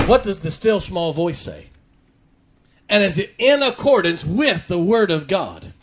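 A man preaching a sermon from the pulpit, swinging between loud emphatic points and quiet asides. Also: sits high, big pitch swings, a little slow, heavy background noise. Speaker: pastor. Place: church sanctuary.

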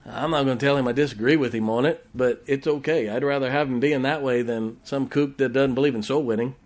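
Brief: male pastor, folksy joking sermon delivery, loud exclamations. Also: mid-range voice, fairly even intonation, fairly quick.

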